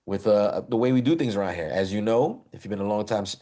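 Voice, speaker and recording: A man's voice: fairly low pitch, fast talker, mellow. A man hosting a hip hop album battle show, chatty and loose, laughing often as he talks to the chat. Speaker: host.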